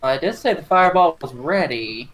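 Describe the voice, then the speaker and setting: A man playing in a tabletop game, relaxed and joking, thinking aloud about his moves. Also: on the high side, normal speed, poor audio. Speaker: player. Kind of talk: casual tabletop game play.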